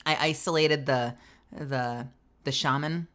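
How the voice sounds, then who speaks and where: A woman's voice: low-pitched, steady tone, takes it slowly, fairly bright tone. A woman streamer and voice actor chatting casually with her viewers, rambling and full of fillers. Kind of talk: casual live-stream chat.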